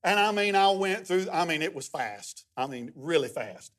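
A middle-aged man preaching as a guest pastor, telling stories in a lively, humorous way. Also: high voice, fairly quick, hardly any pauses. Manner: animated, humorous storytelling with many restarts. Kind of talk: sermon.

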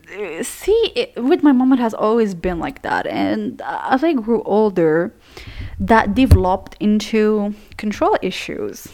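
A young woman streaming a game tells a personal story as she plays, rambling, swearing, and packing in fillers. Her medium-pitched voice has a darkish tone, very animated yet unhurried.

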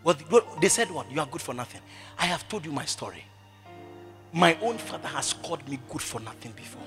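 A man preaching a sermon, driving his points home by repeating phrases and swinging from shouting to hushed speech. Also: a little high, big pitch swings, a little fast, soft background music. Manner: emphatic, repeats phrases over and over.

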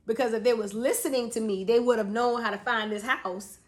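A woman in her thirties co-hosting a podcast, telling family stories in a casual, animated way and laughing often. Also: on the high side, brisk. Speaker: podcast co-host. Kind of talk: casual chat.

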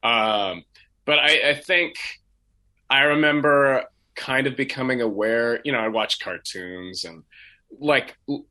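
A young adult man from Oregon, a voice actor telling his backstory in a relaxed, rambling way full of fillers and restarts. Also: mid-range voice, takes it slowly. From Portland, Oregon. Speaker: voice actor guest. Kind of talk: casual interview chat.

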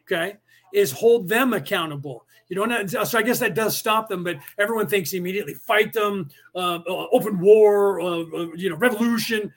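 High-voiced man rambling conspiratorially. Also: normal speed. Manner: rambling, conspiratorial, addresses listeners directly. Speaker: podcast host. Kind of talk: casual live-stream monologue.

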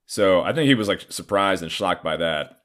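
A man's voice: low-pitched, expressive, normal speed, fairly bright tone. A man in his thirties telling a personal story in a casual, heated and profane way. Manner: profane, heated, acts out others' lines.

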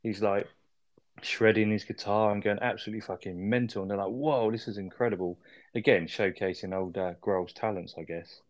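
A man's voice: on the low side, steady tone, a little fast. A man co-hosting a podcast, chatting casually about a film, swearing often and checking for agreement with tag questions. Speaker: podcast co-host reviewing a film. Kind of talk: casual chat.

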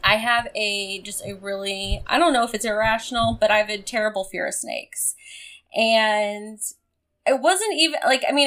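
A woman's voice: mid-range voice, a bit bright. Woman co-host, resonant voice, rambling self-deprecating storyteller, casual. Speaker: podcast co-host. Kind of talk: casual chat.

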